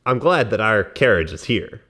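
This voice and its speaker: A man's voice: fairly low pitch, expressive, moderate pace, sharp tone. A man playing a tabletop game, joking wryly. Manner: wry, joking. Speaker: player. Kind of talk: tabletop role-play.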